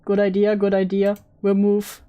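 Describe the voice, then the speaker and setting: A woman hosting a stream, chatting casually and teasing her guest with deadpan jokes. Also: medium pitch, moderate pace, smooth. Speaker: streamer host.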